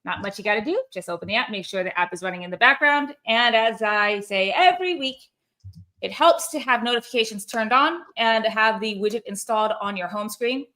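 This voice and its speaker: A woman's voice: a little high, expressive, a little fast, sharp tone. Chatty woman hosting a call. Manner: chatty, laughs often, trails off with fillers. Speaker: host. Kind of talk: casual livestream chat.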